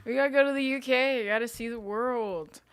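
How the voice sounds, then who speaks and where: A woman co-hosting an improv comedy stream, chatting in a giggly, animated, jokey way. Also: fairly high pitch, brisk, clean tone. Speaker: improv performer and co-host. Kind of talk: casual live-stream chat.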